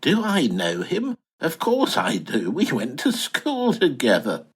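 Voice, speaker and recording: An actor playing a bumbling, posh English retiree, flustered and hesitant in a comic audio drama. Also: male voice, fairly high pitch, huge pitch swings, slow, breathy edge, full character voice. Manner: flustered, posh, hesitant, wildly swooping delivery. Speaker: lead character and narrator.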